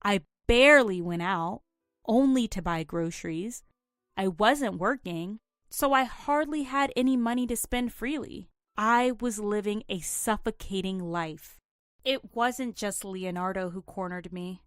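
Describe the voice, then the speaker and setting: A woman narrating a first-person drama story in an earnest, emotional, measured way. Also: medium pitch, a bit bright, clean tone, no echo, clean studio sound, soft background music.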